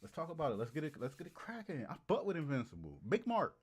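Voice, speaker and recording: Man, streamer, talking to chat, fairly high voice, lively, animated, repeats himself for laughs. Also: racing, husky. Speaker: livestreamer. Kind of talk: casual comedic riffing to a live chat.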